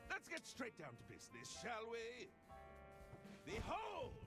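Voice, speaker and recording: A grandiose self-styled detective in a video game, speaking high and with lively, swooping lines over clear game music. He carries an odd, hard-to-place foreign accent and a pompous, theatrical manner. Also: unhurried, heavily acted. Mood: grandstanding.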